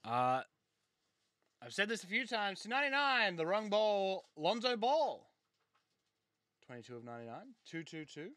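A man hosting a live trading card break, excitably calling out each card and joking with a co-host. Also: high-pitched, normal speed, long pauses, no echo. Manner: excitable, banters and jokes while calling out pulled cards. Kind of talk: live case break commentary.

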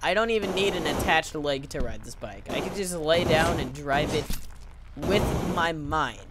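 A woman with a low-sitting voice commentates on a video game at a moderate pace, playful and joking and often letting out yelps. It's let's-play commentary from a gaming commentator, with background noise in the recording.

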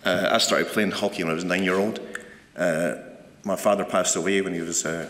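A middle-aged man with a Scottish accent giving a nervous, halting, emotional acceptance speech with many fillers. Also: deep voice, fairly even intonation, fairly bright tone. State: emotional, overwhelmed. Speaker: award recipient. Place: large hall. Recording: echoey hall, faint background noise.

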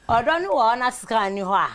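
A woman on a talk show panel, giving calm, matter-of-fact opinions. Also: fairly high pitch, brisk, a little hiss or hum.

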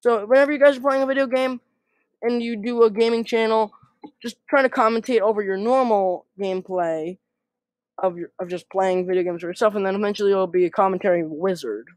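A woman YouTuber chatting loosely over her gameplay, full of ums and self-mocking asides. Her voice sits at an ordinary middle pitch. She is recorded close and dry, with no room sound around her. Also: brisk, darkish tone, dry recording. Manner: rambling, self-deprecating, many fillers. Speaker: gaming YouTuber. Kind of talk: casual gameplay commentary.

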